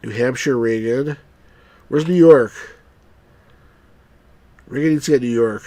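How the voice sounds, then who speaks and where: A man from New Jersey chatting wryly through a live game stream, now and then cheering out loud. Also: medium pitch, unhurried, no room sound. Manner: chatty, wry, bursts into excited cheers. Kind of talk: live let's-play commentary.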